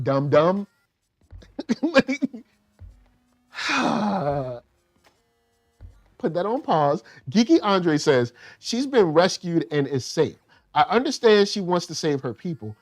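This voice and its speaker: A man hosting a casual review show, talking in animated slang and acting out characters in quick asides. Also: on the high side. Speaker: show host reviewing a TV series.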